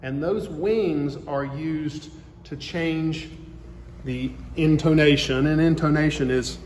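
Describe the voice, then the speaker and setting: A man with a fairly high voice, walking through how a chapel organ works at an easy, patient pace. He explains one step at a time like a teacher showing students around. The chapel room rings around him, with a faint hum underneath. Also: slow pace, a little mellow, roomy sound, rough recording. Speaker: church organist. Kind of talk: explanatory demonstration. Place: small church chapel by the organ.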